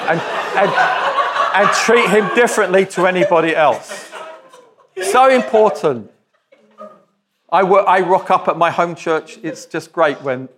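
A visiting preacher gives a sermon in a direct, conversational style, tossing joking asides to the congregation. His voice sits high and sounds a bit bright.

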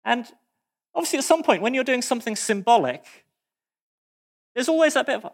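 Casting: male preacher, high voice, expressive sermon delivery with dramatic pauses. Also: vocal fry.

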